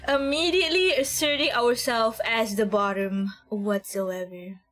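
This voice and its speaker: A woman's voice: fairly high pitch, slow, fairly bright tone, faint music behind. A young woman streaming a game, with giggly, rambling commentary and frequent laughter. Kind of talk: casual gameplay commentary.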